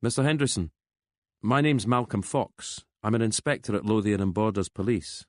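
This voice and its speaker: A careful police inspector who speaks in a measured, polite way with a low, steady voice, as a male narrator plays him. The sound is close and dry. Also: dry recording, lightly acted.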